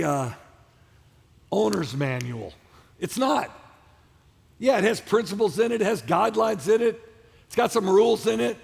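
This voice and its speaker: A male pastor preaching a sermon emphatically, calling on the congregation to respond and repeating phrases with shouted peaks. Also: high voice, gravelly. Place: large church auditorium. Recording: long hall reverb of a church auditorium.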